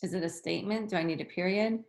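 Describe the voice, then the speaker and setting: A woman's voice: fairly low pitch, fast, a little mellow. A woman teaching young children a lesson, patient and encouraging. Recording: echoey room.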